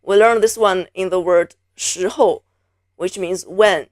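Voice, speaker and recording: A woman's voice: lowish voice, no echo, studio quality. A woman from Beijing teaching a Mandarin pronunciation lesson, patiently repeating each sound several times. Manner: patient, drills sounds by repeating them slowly.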